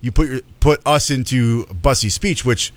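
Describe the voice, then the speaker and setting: A man's voice: medium pitch, moderate pace, no room sound. Rambling male radio host, dry studio sound. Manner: rambling with frequent restarts. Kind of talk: casual sports radio banter. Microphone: studio microphone.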